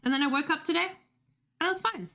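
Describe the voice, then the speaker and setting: A woman's voice: high-pitched, fast talker, vocal fry, fairly bright tone. A young woman streaming, chatting casually with viewers, talkative and swearing freely with laughing asides. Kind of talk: casual livestream chat.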